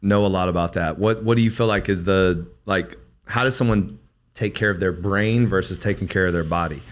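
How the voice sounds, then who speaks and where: A man with a fairly low voice hosts a relaxed interview. He mostly answers with short encouraging interjections and only now and then asks a plain question. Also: brisk. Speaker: podcast host. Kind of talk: casual interview.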